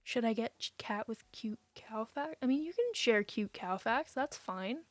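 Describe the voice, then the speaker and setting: A young woman streaming live, chatting casually with viewers and reading their messages, emotional and quick to say she will cry. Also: fairly high pitch, expressive, no echo.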